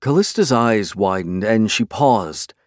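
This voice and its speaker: Reading a fantasy novel aloud, a male audiobook narrator keeps a steady, measured pace in his lowish voice. The sound is clean studio audio with no echo.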